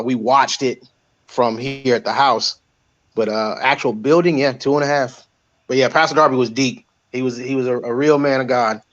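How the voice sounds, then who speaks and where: A man with a mid-range voice talks in an easygoing way in a casual online panel. The audio comes through dull and lo-fi. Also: mid-range voice. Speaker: panel guest.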